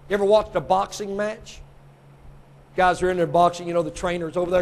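A man preaching a sermon, swinging from quiet teaching to shouted exhortation. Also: high voice, steady tone, fairly quick.

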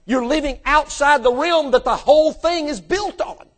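High-voiced man preaching emphatically. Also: moderate pace. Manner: emphatic preaching, rising to high animated bursts; addresses congregation directly with questions. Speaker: pastor. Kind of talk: sermon.

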